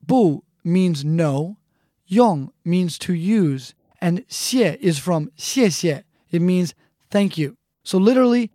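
A woman teaching a language lesson, saying phrases slowly and repeating them with care. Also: fairly low pitch, darkish tone, dry recording, clean studio sound. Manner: slow, deliberate repetition of phrases.

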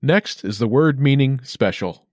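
A man hosts a short language lesson with a clear, upbeat instructional delivery. His pitch swings lively through each phrase, and his voice sounds close and dry, with no room around it. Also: unhurried, no room sound. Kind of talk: scripted lesson narration.

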